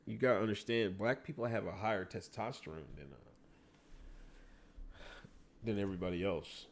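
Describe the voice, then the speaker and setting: A man's voice: on the low side, normal speed, gravelly. A man hosting a casual livestream, ranting and talking back to his chat with lots of profanity. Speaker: livestream host.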